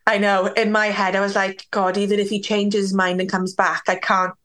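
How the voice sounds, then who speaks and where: A woman's voice: mid-range voice, flat delivery, normal speed, fairly bright tone. A young woman from Wales, a podcast guest candidly telling a personal story. She uses many "like"s and acts out what others said. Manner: candid, talks with many "like"s and acts out quoted dialogue.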